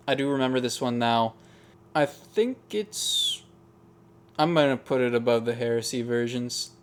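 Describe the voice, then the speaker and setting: A man giving casual, musing commentary as he ranks songs, often hesitating and restarting. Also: medium pitch. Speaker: music ranking video host. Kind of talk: casual tier-list commentary.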